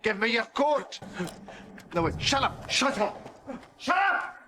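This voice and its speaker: A man's voice: very high voice, very animated, slow, over music, full character voice. An actor playing a newly regenerated, eccentric older alien man with a Scottish accent, rambling and declamatory in a TV drama. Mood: agitated. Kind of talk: TV drama acting.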